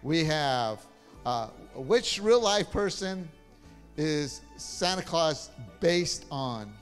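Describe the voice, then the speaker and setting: A man, a pastor, casually hosting a Christmas trivia game in church, playful and chuckling as he reads the questions slowly. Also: fairly high pitch, lively intonation, in a large hall, faint music behind. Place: church hall.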